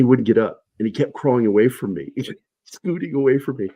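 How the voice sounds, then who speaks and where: Husky-voiced man telling stories. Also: mid-range voice, moderate pace, dry recording, dull audio. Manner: animated anecdotes, shouting in quoted lines. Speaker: guest. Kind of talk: casual storytelling on a livestream.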